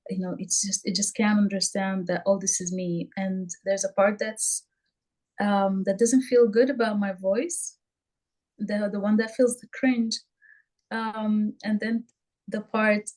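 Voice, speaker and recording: A woman's voice: mid-range voice, a little mellow, low-quality recording. A woman sharing her experience in a group workshop, hesitant and full of ums and restarts. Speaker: workshop participant.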